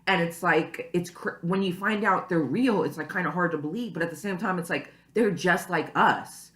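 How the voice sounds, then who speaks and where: Chatty low-voiced young woman vlogging. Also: moderate pace, fairly bright tone. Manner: chatty, rambling, lots of "you know" and "like". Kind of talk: casual to-camera vlog. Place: at home, early morning. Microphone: camera mic. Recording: echoey room.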